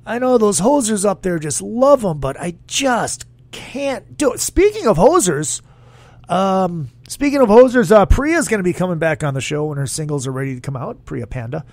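A man's voice: sits high, sing-song, moderate pace, a little mellow, no room sound. A man hosting a casual solo podcast, rambling in a crude, jokey way and reading listener comments aloud. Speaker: podcast host.

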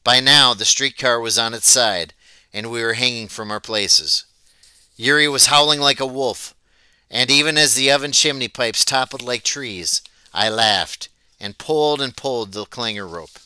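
A man reading a novel aloud as an audiobook, telling it in a plain, steady way. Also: mid-range voice, normal speed, clear, resonant tone, dry recording. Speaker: audiobook reader. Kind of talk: storybook read-aloud narration.

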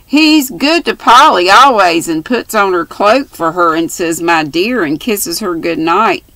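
A woman's voice: lowish voice, measured pace, fairly bright tone, no room sound, poor audio. Earnest little girl, read by a woman.

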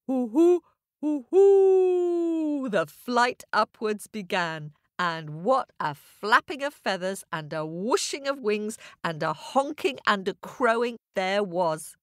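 A woman's voice: lowish voice, dry recording, clean studio sound. A woman telling a children's fable, playful and talking directly to the young listeners. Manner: lively, playful, talks to listeners. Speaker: storyteller. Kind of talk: children's story narration.

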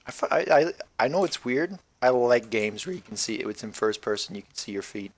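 A man's voice: mid-range voice, expressive, a little fast. A man giving casual let's-play commentary while gaming, rambling and wisecracking with plenty of swearing. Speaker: gameplay commentator.

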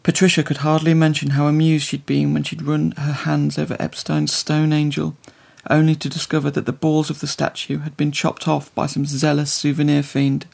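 A man reading a literary story aloud in measured, scripted narration. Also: on the high side, monotone, vocal fry, darkish tone. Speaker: audiobook narrator.

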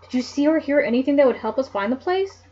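A woman voicing an eager young girl detective who speaks quickly and keenly, on a dull lo-fi home mic. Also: sits high, lively intonation, dark tone.

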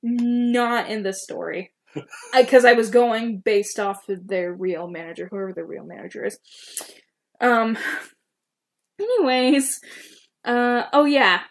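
A young woman reading her old fan fiction aloud, breaking off to laugh and make self-mocking comments. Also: a little high. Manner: giggly, self-mocking asides. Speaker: YouTuber.

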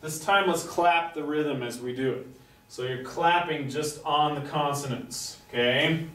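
A man leads a music lesson at a slow, patient pace, chanting rhythm syllables as he works at the board. He is recorded from across an echoey classroom. Faint noise sits under his voice. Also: on the high side, bright, forceful tone, recorded from a distance. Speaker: music instructor. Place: classroom with chalkboard.

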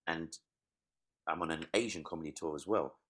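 Male comedian guest, extremely low voice, lively storyteller who acts out other people's lines. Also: moderate pace, breathy edge. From East London. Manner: animated storytelling, acts out quotes. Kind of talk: casual interview.

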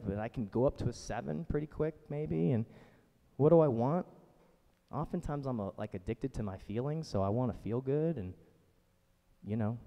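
A man's voice: medium pitch, dark tone, big-room sound. A man in his thirties preaching a sermon as pastor, speaking in a casual, chatty way with frequent asides. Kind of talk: conversational sermon. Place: church sanctuary.

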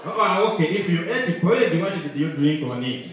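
A Ugandan man doing live stand-up comedy, telling mock-serious stories and building to loud punchlines. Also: a little high, lively intonation, moderate pace, noisy background. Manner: punchy, mock-serious storytelling, switching into Luganda, rising to shouted punchlines. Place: large comedy venue with live audience. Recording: echoey live hall from far off, loud crowd.

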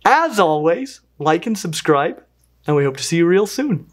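A pet channel host giving an enthusiastic, playful review of a pet invertebrate, with lively swings in pitch and fond talk to the animal. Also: moderate pace, music in the background. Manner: talks fondly to the animal while handling it. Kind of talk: pet care review vlog.

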